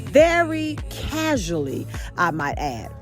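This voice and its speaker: A woman home vlogger telling a storytime tale, animated and addressing viewers directly. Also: mid-range voice, slow, faint music behind. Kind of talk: storytime vlog.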